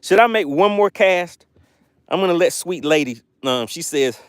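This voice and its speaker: A man's voice: high-pitched, expressive, slow, long pauses, clear, resonant tone, no room sound. A man with a slightly raised voice hosts a live stream from his fishing boat, talking easily with viewers and laughing often. The sound is close and dry, with almost no room around it. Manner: chatty, reads viewer comments aloud, laughs often. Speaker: fishing channel host.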